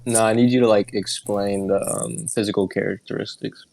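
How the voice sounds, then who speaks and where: A man playing in an online tabletop game, playful and quick to protest. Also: lowish voice, little pitch movement, gravelly, darkish tone, no room sound. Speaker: player. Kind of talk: casual tabletop play.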